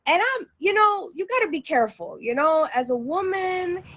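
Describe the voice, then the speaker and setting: A woman's voice: very high-pitched, expressive, moderate pace, fairly bright tone. A woman telling a personal travel story in a casual, chatty way, full of fillers and restarts.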